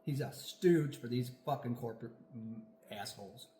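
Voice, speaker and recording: A man's voice: medium pitch, moderate pace, dark tone, roomy sound, slight background noise. A man co-hosting a casual podcast chat, ranting angrily with lots of profanity. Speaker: podcast co-host.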